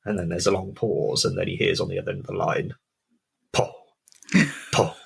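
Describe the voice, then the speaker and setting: A man with a low, deep voice that has a husky edge. He tells a spooky tale in a casual way. He drops to a hush and pauses to build suspense. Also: flat delivery, rough recording. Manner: dramatic pauses, hushed build-ups. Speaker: podcast co-host. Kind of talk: casual storytelling.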